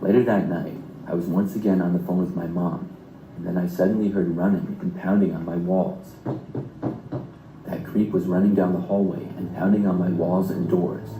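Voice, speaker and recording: Deep-voiced man narrating a horror story. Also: fairly even intonation, moderate pace, warm tone, a little hiss or hum. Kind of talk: scripted first-person narration. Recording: roomy echo.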